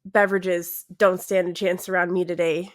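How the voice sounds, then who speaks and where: A woman's voice: on the low side, flat delivery, normal speed. A young woman hosting her own podcast in a casual, awkward, self-deprecating chat, tired and laughing often. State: tired, yawning. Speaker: podcast host.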